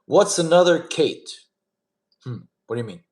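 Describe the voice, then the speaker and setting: A man's voice: a little high, lively intonation, normal speed, darkish tone, roomy sound. A man in his thirties hosting a casual live stream, reading chat questions and giving blunt, laid-back fitness advice. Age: 30s. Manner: casual, coaching, reads chat questions aloud. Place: camp fire stream setting.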